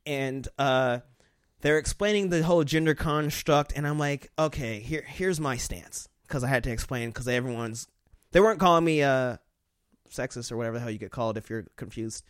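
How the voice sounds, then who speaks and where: A man's voice: mid-range voice, moderate pace, smooth, dry recording, studio quality. A man rambling crudely in casual podcast chat, acting out voices in his stories.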